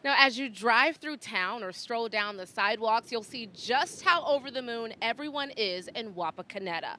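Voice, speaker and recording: Bright, upbeat woman broadcast host. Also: a little high, expressive, moderate pace, slight background noise. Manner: upbeat, polished presenter. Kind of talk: live broadcast hosting.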